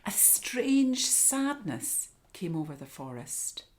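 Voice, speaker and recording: A woman hosting storytime, reading a children's story aloud expressively with dramatic hushes. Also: mid-range voice, big pitch swings, takes it slowly. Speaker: storytime reader.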